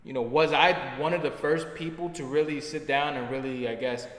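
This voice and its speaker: A man's voice: a little high, fairly even intonation, a little fast, a bit bright. A man hosting a podcast interview, chatting casually, laughing often and swearing freely as he tells stories. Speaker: podcast host. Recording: echoey room with long reverb.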